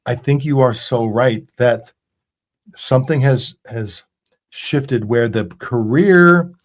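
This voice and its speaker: A man's voice: mid-range voice, takes it slowly. Reflective male podcast host. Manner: reflective, with frequent restarts. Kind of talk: casual podcast interview.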